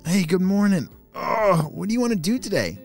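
A man voicing a curious, excitable young boy in a children's story, in a high excited voice. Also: normal speed, faint music behind.

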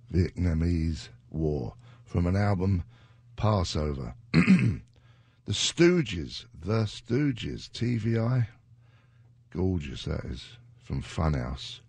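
Gravelly rambling radio DJ man. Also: sits low, darkish tone, no room sound. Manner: rambling, chuckling, trails off. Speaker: radio DJ host. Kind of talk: casual radio chat. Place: radio studio.

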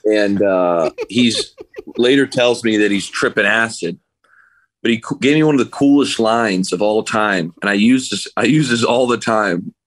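A man's voice: lowish voice, measured pace, fairly bright tone, no echo. A man guesting on a podcast, joining over a remote call and telling a laid-back, rambling story with frequent chuckles. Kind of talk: casual storytelling chat.

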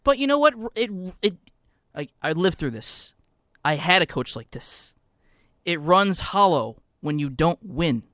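A man's voice: on the high side, big pitch swings, measured pace, bright, forceful tone, dry recording, studio quality. Blunt, skeptical male radio co-host. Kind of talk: casual sports talk radio.

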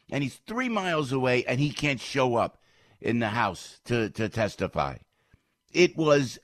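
A middle-aged man, a stage comedian, delivering a heated political rant, indignant and repeating himself, his voice leaping up and getting loud when riled. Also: medium pitch, no echo, studio quality. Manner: repeats phrases, restarts sentences.

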